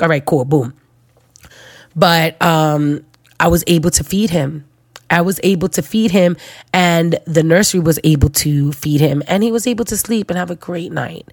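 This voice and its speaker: Young woman, low voice, dry sound, slangy, animated, casual storytelling. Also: dry recording. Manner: animated, acts out other people's voices, slangy. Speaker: new mother.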